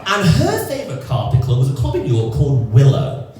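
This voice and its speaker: A man from England doing a stand-up comedy set, sardonic and lively, putting on voices for the people he quotes. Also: on the high side, fairly quick. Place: comedy club stage. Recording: roomy echoing club sound from a distance.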